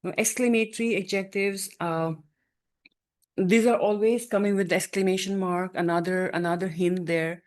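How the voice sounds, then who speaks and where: A woman's voice: medium pitch, steady tone, normal speed, darkish tone. A woman teaching grammar to exam students, often repeating herself and checking in with "okay?" and "no?".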